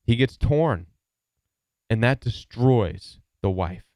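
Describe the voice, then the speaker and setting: Smooth, dry-voiced man giving emphatic advice. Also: mid-range voice, lively intonation, slow, darkish tone, no room sound. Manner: emphatic, earnest, storytelling with repeated words. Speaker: live stream host, relationship advisor. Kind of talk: casual advice talk.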